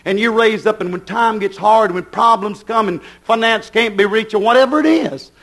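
A middle-aged preacher with a notably high voice delivers a fervent sermon. He speeds through folksy asides, then slows down and shouts the key lines. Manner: fervent, rising to shouts with swings in pace.

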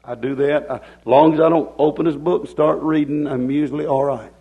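A man preaching a sermon, swinging between hollering and hushed, drawn-out lines. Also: fairly high pitch, fairly even intonation, breathy edge, poor audio.

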